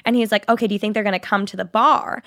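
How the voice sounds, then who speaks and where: Twenties woman rattling off a story super fast, lots of "like", dry studio sound. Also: mid-range voice, no room sound. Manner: rapid, animated storytelling full of "like" fillers. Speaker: podcast co-host. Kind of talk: casual storytelling chat.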